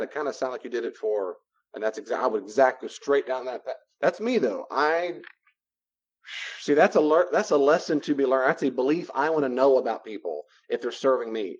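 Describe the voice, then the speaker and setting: A man giving a conversational teaching talk, acting out both sides of the dialogues with lively shifts in his voice. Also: mid-range voice. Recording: dull lo-fi recording.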